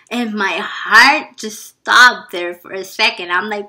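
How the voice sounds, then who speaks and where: A woman tells a personal story slowly and earnestly, with a bright, forceful voice. She drops into hushed asides at times. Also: mid-range voice, animated. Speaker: vlogger.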